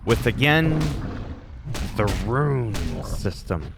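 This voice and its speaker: A man with a fairly low voice, talks through his gameplay in a loose, opinionated rant. He swears freely and wanders between tangents. Faint game music sits quietly behind him. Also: unhurried, long pauses. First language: French. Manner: ranty, profane, opinionated. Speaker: gaming YouTuber. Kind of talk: casual gameplay commentary.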